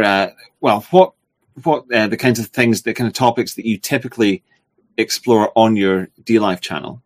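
A man with a fairly low voice leads the conversation as interviewer. He talks carefully and hesitantly, with many fillers and restarts. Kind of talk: casual podcast conversation.

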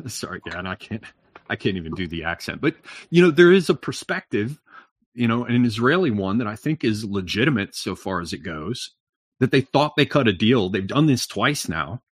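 A man with a lowish voice holding forth as a podcast guest, recorded dry and close. He meanders through long explanations full of um, you know and restarts, dropping casual profanity. His tone stays conversational even as he drones on. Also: normal speed, husky, no echo. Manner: rambling, frequent fillers and restarts, profane. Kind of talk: long-winded conversational monologue.

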